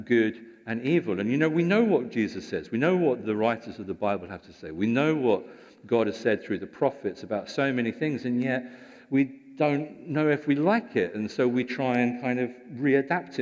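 A man's voice: medium pitch, darkish tone. A man preaching a sermon, explaining scripture in a conversational way with rhetorical questions. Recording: long hall reverb.

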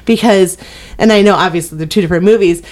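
A woman's voice: on the low side, fast talker, darkish tone. A young woman who reviews movies, chatting casually with many fillers and small laughs. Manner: hesitant, many fillers, self-aware laughs. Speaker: movie critic co-host. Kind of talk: casual chat.

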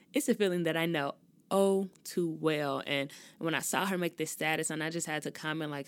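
A woman's voice: deep voice, fairly even intonation, moderate pace, clean tone, dry recording. A young adult woman hosting her own podcast, talking casually and expressively, ranting and cursing freely. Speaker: podcast host. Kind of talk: casual solo talk.

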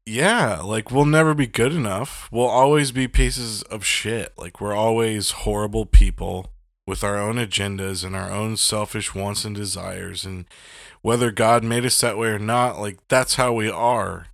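A man's voice: fairly low pitch, fairly even intonation, unhurried, gravelly, fairly bright tone, no room sound, studio quality. Blunt, profane man in casual chat. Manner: blunt, profane and heated, rambling with many fillers.

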